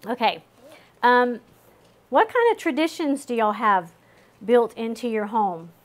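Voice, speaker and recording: A woman with a drawl leads a small parenting group in a relaxed, conversational way. Her voice sits a little high, and she often stops to ask the others questions. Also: measured pace. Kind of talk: casual teaching talk to a small group.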